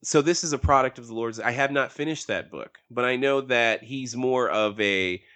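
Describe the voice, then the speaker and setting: A man co-hosting a casual podcast discussion, who rambles with animated emphasis. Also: medium pitch, normal speed. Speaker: podcast co-host.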